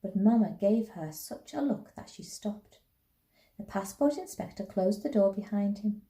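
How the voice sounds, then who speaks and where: A woman, a primary school teacher, reading a children's novel aloud in a gentle, unhurried way. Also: mid-range voice, animated. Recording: roomy echo.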